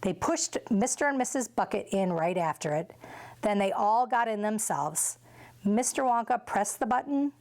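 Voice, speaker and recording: A woman reading a children's novel aloud for a school, with clear, steady storytelling. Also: medium pitch. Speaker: school read-aloud reader.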